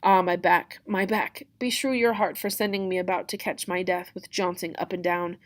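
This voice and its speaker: A woman reading a play aloud in class, voicing a tired, teasing old nurse with a drawn-out, complaining delivery. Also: on the low side, fairly even intonation, close to an everyday voice. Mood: grumbling.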